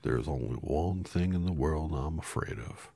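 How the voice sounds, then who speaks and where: A man doing the husky, friendly Scarecrow. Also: a bass voice, normal speed, warm tone, no room sound, full character voice. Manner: cheerful, polite, naive. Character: friendly talking male scarecrow, simple and polite.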